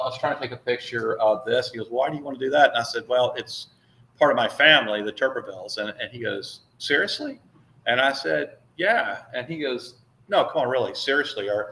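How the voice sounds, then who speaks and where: A man, a priest, talks informally to his congregation over slides, rambling and full of fillers. His voice sits at an ordinary middle pitch. The room is echoey, and a faint hum of ambience runs underneath. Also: fairly bright tone. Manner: chatty, rambling storyteller with many fillers. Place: church hall.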